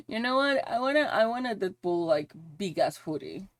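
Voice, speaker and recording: A woman's voice: medium pitch, expressive, moderate pace, few pauses, no echo. A woman streamer chatting casually while she draws on a live stream, swearing freely and singing along to songs now and then.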